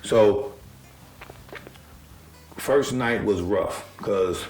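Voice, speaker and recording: A man's voice: on the low side, extremely slow, a little mellow, faint music behind. A man earnestly telling his own life story in a casual, emotional, conversational way. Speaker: storyteller recounting own experience. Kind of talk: casual personal testimony. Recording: roomy echo.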